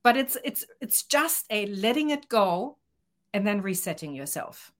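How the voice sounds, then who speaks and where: A woman's voice: mid-range voice, big pitch swings, unhurried, fairly bright tone. Woman coach in an interview, earnest, acts out the quotes. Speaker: guest coach. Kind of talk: podcast interview.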